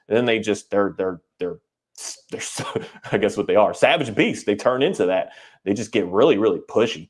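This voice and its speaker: A man in casual podcast conversation who talks earnestly and rambles, often acting out what owners and dogs would say in a higher voice. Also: lively intonation, fairly quick.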